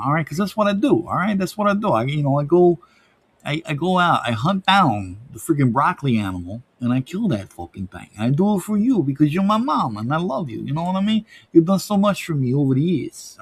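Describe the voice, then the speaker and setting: A man's voice: mid-range voice, darkish tone, slightly rough, no room sound. A man putting on the voice of a brash grown son who boasts with over-the-top tough-guy bravado.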